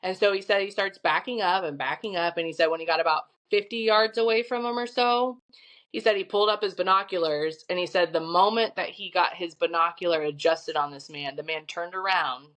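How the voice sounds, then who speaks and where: A woman's voice: fairly low pitch, a little fast. Chatty Midwestern American woman telling a tale. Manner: animated, chatty storyteller. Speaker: podcast guest. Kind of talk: casual storytelling.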